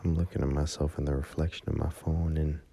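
Drunk man, very low voice, gravelly, husky, slow, profane rambling into a phone memo. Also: flat delivery, warm tone.

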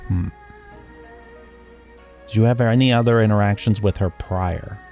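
A man's voice: fairly low pitch, a little slow, creaky, faint music behind. A man who was once a police sergeant, chatting casually on a podcast game, teasing and swearing, calling his co-host bro. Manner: animated, teasing, swears, calls partner bro.

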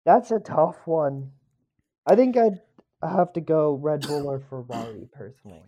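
A man co-hosts a casual sports chat and thinks aloud, hesitating as he weighs his options. He talks slowly. His audio is dull and lo-fi. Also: fairly high pitch, expressive, dark tone. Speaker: co-host.

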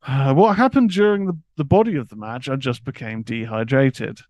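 A man's voice: mid-range voice, normal speed, darkish tone, no room sound, highs cut off. A man co-hosting a podcast, reading news items aloud and laughing often. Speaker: co-host. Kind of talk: casual chat, reading news.

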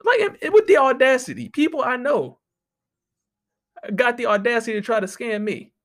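A man's voice: extremely high pitch, moderate pace, fairly bright tone. A man hosting a podcast, ranting casually in a profane, exasperated way, close to the microphone. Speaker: podcast host.

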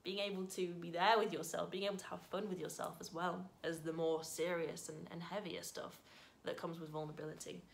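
Woman vlogging to camera, grateful and gentle. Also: lowish voice, level tone, a little fast, vocal fry, hardly any pauses. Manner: warm, grateful, softly reflective with sudden bright bursts. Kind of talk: casual heartfelt vlog to camera.

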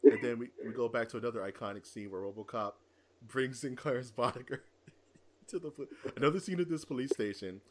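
A man hosting a casual film review chat, rambling through scene retellings with excitement. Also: medium pitch, brisk.

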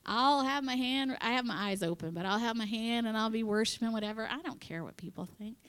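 A woman giving an animated devotional talk at church, acting out quotes and dropping into whispers. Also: on the high side, a little fast, few pauses, clear, resonant tone. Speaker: church speaker.

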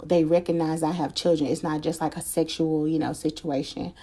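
A woman's voice: sits low, flat delivery, fairly quick, mellow, husky. A woman telling a personal story to her viewers in a casual storytime chat, candid and slangy, swearing freely.

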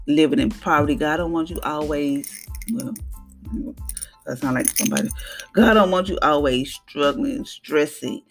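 A woman giving an earnest devotional talk on her podcast, preaching and telling personal stories with quoted dialogue. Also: low-pitched. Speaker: podcast host.

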